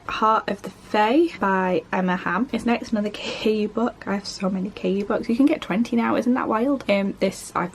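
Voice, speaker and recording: A woman chatting casually as a book vlogger, rambling quickly and poking fun at herself. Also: mid-range voice, slight background noise. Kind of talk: casual chat.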